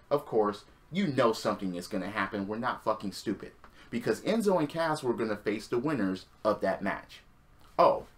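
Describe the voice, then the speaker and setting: A man's voice: medium pitch, fairly bright tone. Sarcastic man recapping wrestling. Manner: sighing, sarcastic, swears freely. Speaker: wrestling show reviewer. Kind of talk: casual recap monologue.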